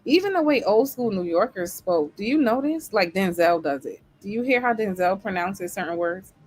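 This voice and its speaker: A woman hosting a casual chat, chatty and animated, often laughing. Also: medium pitch, moderate pace, breathy edge, faint music behind. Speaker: host.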